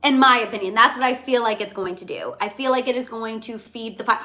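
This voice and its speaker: Young female livestream host, high-pitched and chatty, repeats herself a lot while dishing celebrity gossip. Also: fast talker, few pauses. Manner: chatty, animated, repeats phrases.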